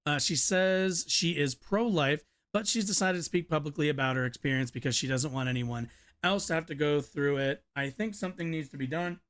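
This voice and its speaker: A man's voice: a little high, fairly quick, a bit bright. A young man streaming, reading a news article aloud with stumbles, mutters and offhand asides. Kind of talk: casual reaction stream.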